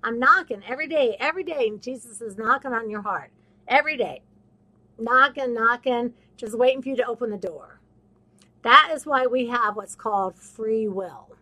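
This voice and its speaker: A woman's voice: on the high side, moderate pace, bright, forceful tone. A woman hosting a podcast, preaching to her listeners in an emphatic, repetitive way and slipping into other people's voices. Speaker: podcast host. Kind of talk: casual faith talk, preaching to listeners.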